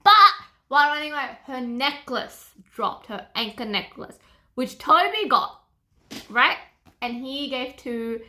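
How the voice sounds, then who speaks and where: A young woman talks to her camera in a casual reading vlog. Her voice sits a little high and sounds bright and forceful. She swears freely, and her delivery lurches between loud outbursts and hushed whispers. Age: young adult. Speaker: book vlogger.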